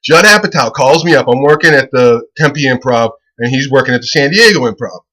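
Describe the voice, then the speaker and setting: A comedian rambling casually as he pitches a website, profane and excitable, who keeps breaking into laughter at his own jokes. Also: a little fast, low-quality recording. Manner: profane, excitable, loose storytelling.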